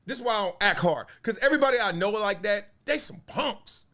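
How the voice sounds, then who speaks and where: A man, giving playful, animated casual commentary on sports media. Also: high voice, fast talker. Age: 40s. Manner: animated, playful, acts out quotes in voices.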